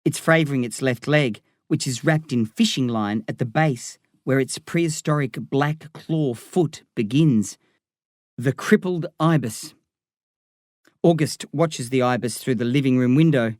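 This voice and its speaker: A man reading a first-person novel aloud in a measured storytelling manner. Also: mid-range voice, a little mellow, no echo, studio quality. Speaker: narrator. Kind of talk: audiobook narration.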